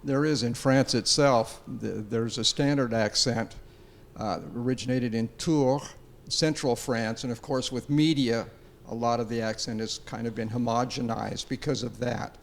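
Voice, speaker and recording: A man from Utah on a panel, explaining in a measured, conversational way. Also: mid-range voice, steady tone, gravelly.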